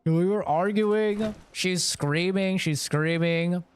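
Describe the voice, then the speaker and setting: A man's voice: sits high, takes it slowly, clean tone. A young man streaming games and chatting casually, rambling frankly, swearing freely, and laughing often. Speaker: gaming streamer. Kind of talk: casual live-stream chat.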